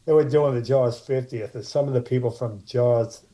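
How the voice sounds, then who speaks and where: A man tells loose, meandering stories in casual chat, often restarting his sentences. His tone is very dark and mellow, sitting in a middle pitch. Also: steady tone, normal speed. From Martha's Vineyard, USA. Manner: rambling anecdotes with many restarts. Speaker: podcast guest, actor. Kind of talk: casual storytelling.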